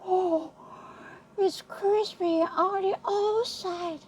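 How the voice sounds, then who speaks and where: A woman voicing an excitable young male lion who gushes over his food in a high, eager voice, reading a bedtime story. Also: extremely slow, a little hiss or hum, heavily acted. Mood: gushing, excited. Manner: squealing, gushing, high and eager.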